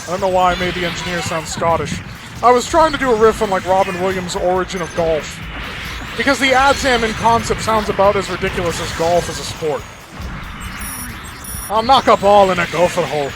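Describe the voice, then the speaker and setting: A man's voice: high-pitched, lively intonation, brisk, background noise. A man hosting a let's-play, commenting in a rambling, profane, digressive way. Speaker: gaming channel host. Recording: game music playing underneath.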